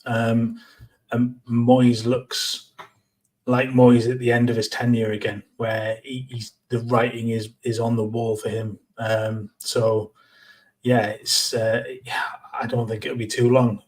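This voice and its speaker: A man co-hosting a casual football podcast, giving blunt, measured opinions with frequent restarts. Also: medium pitch, little pitch movement, a little mellow, rough recording. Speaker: podcast co-host.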